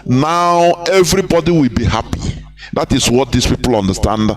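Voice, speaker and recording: A man's voice: medium pitch, lively intonation, moderate pace, a crowd in the background. A man from Nigeria, delivering impassioned political commentary on a live broadcast and asking rhetorical questions. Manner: impassioned, rhetorical questions, mixes in Igbo phrases. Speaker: activist broadcaster.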